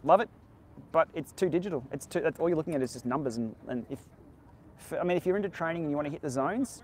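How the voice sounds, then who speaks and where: A man's voice: on the high side, expressive, quick pace, a little mellow, slight background noise. A man hosting a casual live-stream Q&A outdoors by the beach, answering viewer questions in a candid, laid-back way. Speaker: cycling tech channel host.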